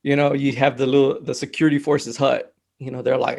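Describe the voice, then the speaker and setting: Gravelly casual man sharing advice. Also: medium pitch, fairly quick. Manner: relaxed, storytelling, lots of fillers. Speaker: mental health technician guest. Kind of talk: casual conversational interview.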